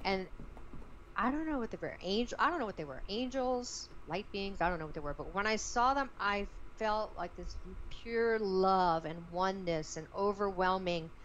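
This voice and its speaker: A woman guest, an actress, tells a personal story in an interview in a lively, expressive way. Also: mid-range voice, moderate pace, dull audio, slight background noise.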